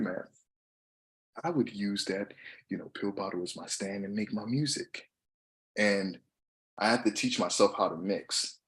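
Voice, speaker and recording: Motivational speaker: young man, lively, bright-toned, shouts then drops low. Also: gravelly. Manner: passionate, swings from shouting to soft asides. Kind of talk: motivational monologue.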